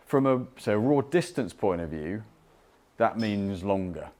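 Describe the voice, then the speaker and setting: A British man working as a club fitter, explaining launch and spin numbers to a customer in a measured way, with restarts and fillers. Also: on the low side, lively intonation, darkish tone. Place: indoor golf fitting studio.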